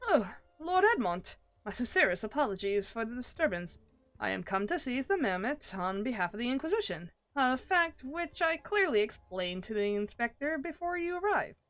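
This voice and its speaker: A woman's voice: a little high, big pitch swings, normal speed, a bit bright, soft background music. Woman doing a stern officious inquisitor. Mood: exasperated. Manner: formal, commanding legal phrasing.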